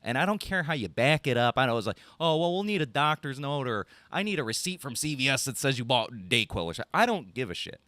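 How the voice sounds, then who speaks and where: A man's voice: mid-range voice, sing-song, quick pace, hardly any pauses, sharp tone, dry recording. A man, telling a rambling story on a casual podcast, ranting and swearing freely. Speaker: podcast co-host.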